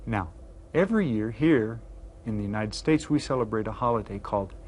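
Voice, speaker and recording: A man teaching an elementary Spanish video lesson. He is upbeat, playful and encouraging, and he draws out each new word slowly and carefully. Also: lowish voice, lively intonation, a little mellow, a little hiss or hum.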